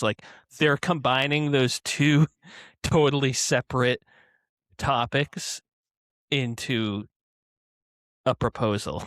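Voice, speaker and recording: A man with an average-pitched voice co-hosts a casual political podcast. He relays stories in a dry, wry way and restarts his sentences now and then. The recording is close and dry. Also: fairly even intonation, slow pace, long pauses, fairly bright tone, smooth, no room sound. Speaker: podcast co-host.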